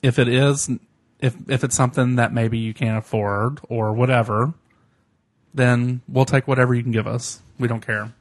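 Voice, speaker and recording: A man's voice: medium pitch, fairly even intonation, moderate pace, dry recording. Giggly swearing podcast host, man. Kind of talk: casual chat.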